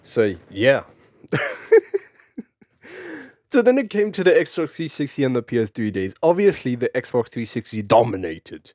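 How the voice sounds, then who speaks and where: A young man hosting a podcast, talking in a casual, rambling way, excitable and chuckling often. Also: mid-range voice, normal speed, few pauses, dry recording, clean studio sound. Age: young adult. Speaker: podcast host.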